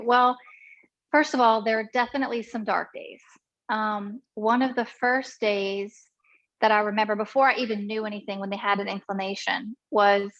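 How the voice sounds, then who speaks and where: A middle-aged woman telling her story frankly in an interview, animated and acting out what others said. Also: mid-range voice. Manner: frank and animated, acts out others' voices in quotes. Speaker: interview guest. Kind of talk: candid conversational storytelling. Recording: dull lo-fi sound.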